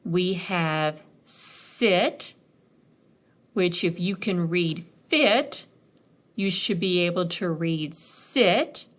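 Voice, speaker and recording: A woman's voice: lowish voice, animated, slow pace, a bit bright. A middle-aged woman teacher giving a recorded reading lesson for young children, patiently sounding out words.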